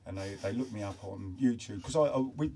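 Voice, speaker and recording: A man chatting as a guest musician, telling animated stories and laughing as he tells them. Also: lowish voice, a little fast, slight background noise. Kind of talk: casual chat, storytelling.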